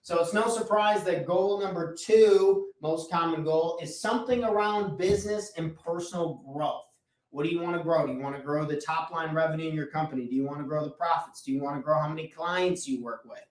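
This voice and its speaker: High-voiced blunt motivational coach in echoey room. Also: male voice, brisk. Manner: casual and blunt, with mild swearing; repeats key points for emphasis. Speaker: business coach. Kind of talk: motivational talk to camera. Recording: echoey room, mic at a distance.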